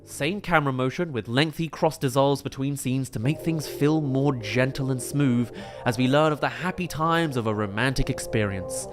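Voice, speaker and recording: A man's voice: mid-range voice, moderate pace, over music. A man giving detailed, enthusiastic film analysis commentary as a reviewer.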